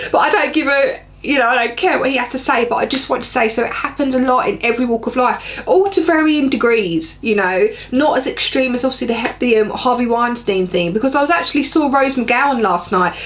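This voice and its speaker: Woman, thirties, slightly high voice, blunt chatty vlog storytelling. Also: fairly quick, hardly any pauses, fairly bright tone. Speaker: vlogger. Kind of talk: casual storytelling to camera.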